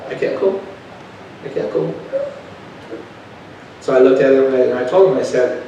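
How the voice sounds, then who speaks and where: A man preaching to his church, spinning a folksy story that swells from hushed asides to loud, emphatic telling. His mid-pitched voice sits at a distance from the mic, with a faint hiss under it. The sound is very roomy, ringing around the sanctuary. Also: moderate pace, pauses often, lo-fi sound. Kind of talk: storytelling sermon. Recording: echoey church room heard from a distance.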